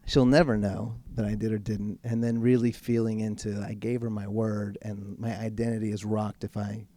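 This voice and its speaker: A man speaking as a podcast guest, telling a personal story in a frank, casual way and swearing freely, slowing right down when he wants to stress a point. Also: on the low side, level tone, dark tone. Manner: slows right down for emphasis. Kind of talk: candid personal storytelling in conversation.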